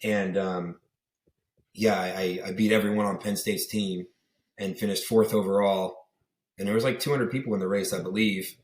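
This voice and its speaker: A man's voice: low voice, fairly even intonation, moderate pace, reverberant. Rambling young man telling stories. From Pittsburgh area, USA. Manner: rambling storyteller, acts out quoted voices, many fillers. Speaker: podcast guest. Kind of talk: casual interview chat.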